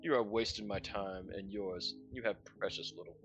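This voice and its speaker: A man's voice: on the low side, steady tone, moderate pace, lo-fi sound, faint music behind, lightly acted. A man voicing a sinister, theatrical clown showman who calls himself a Duke of Hell, mocking and threatening. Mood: menacing.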